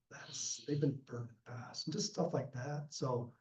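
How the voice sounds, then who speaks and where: Animated male lecturer in a roomy hall. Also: medium pitch, unhurried. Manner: animated storyteller, acts out quoted voices, frequent restarts. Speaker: guest lecturer. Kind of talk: storytelling during lecture Q&A. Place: lecture room. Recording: roomy, dull lecture-room recording.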